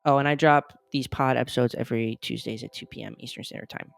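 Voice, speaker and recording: A podcast host giving a casual, hyped outro full of plugs, talking effusively with big jumps in pitch. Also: steady tone, quick pace, vocal fry, no room sound.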